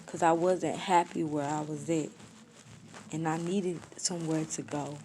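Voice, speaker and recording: A woman's voice: sits low, steady tone, a little slow, warm tone, a little hiss or hum. A woman in her twenties telling a personal story in a casual vlog, in blunt, slangy, matter-of-fact talk that shows little emotion. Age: 20s. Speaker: storyteller vlogger. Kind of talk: casual story time monologue.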